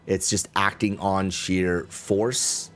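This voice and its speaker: A man's voice: low-pitched, little pitch movement, slow, a bit bright, soft background music. A man narrating as game master, hesitant, with many fillers and restarts.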